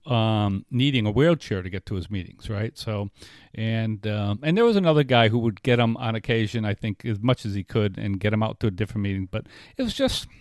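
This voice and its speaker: A man's voice: on the low side, a little mellow, no echo, clean studio sound. A man telling a story in casual chat, often circling back and restarting his sentences. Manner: rambling, frequent restarts and filler.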